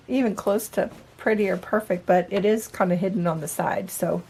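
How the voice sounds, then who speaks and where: A woman's voice: mid-range voice, fast talker, creaky, few pauses, darkish tone, slight background noise, low-quality recording. A woman vlogging as she works on a project, chatting casually and thinking aloud in an upbeat way. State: out of breath at times. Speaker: DIY vlogger. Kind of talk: casual talk-through while working. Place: camper interior.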